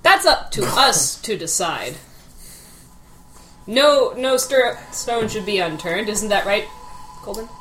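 A woman's voice: medium pitch, lively intonation, takes it slowly, long pauses, pushed and bright, a little hiss or hum, low-quality recording. A woman playing a tabletop game, joking playfully with the table. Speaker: player. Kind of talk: casual tabletop play.

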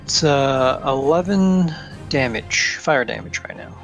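A man playing a tabletop game, taking his turn in an unhurried, hesitant way. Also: mid-range voice, animated, soft background music. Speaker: player. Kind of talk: casual narration of a tabletop game.

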